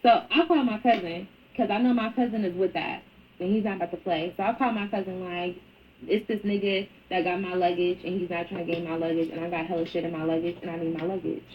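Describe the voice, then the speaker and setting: A woman's voice: fairly low pitch, fast talker. A woman telling a story in casual storytime style, blunt and profane, acting out what people said. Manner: blunt, profane, animated retelling. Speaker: storyteller in a played clip. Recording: dull lo-fi clip with faint noise.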